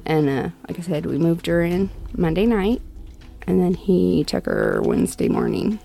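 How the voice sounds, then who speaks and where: A middle-aged woman recounting a family tragedy in an interview, halting and restarting, lifting her voice when she quotes others. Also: on the low side, sing-song, dark tone. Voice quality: gravelly. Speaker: interview guest, bereaved mother. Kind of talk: personal account in conversation.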